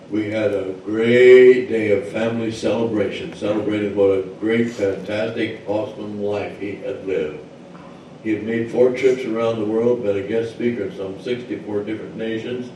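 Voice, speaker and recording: Low-voiced man telling a legend in church. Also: noisy background. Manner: folksy and digressive, many uh fillers. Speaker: church speaker. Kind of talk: sermon storytelling. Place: church service. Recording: very echoey church hall, mic far off.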